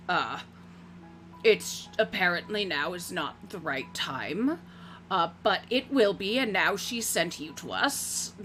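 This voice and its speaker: A woman's voice: medium pitch, sharp tone, heavily acted. A woman voicing an older, scarred orc woman who leads weary healers, speaking formally and hesitantly.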